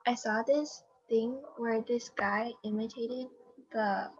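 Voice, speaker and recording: Slow breathy woman on a lo-fi call. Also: on the high side, steady tone. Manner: hesitant, thinking aloud. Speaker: guest on a video call. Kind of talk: casual chat on a video call.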